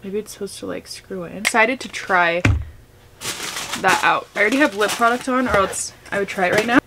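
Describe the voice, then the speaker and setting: A woman's voice: mid-range voice, a little fast, background noise. A young woman vlogger chatting casually and gushing while she does makeup and unboxes packages at home. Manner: gushing, chatty, many fillers.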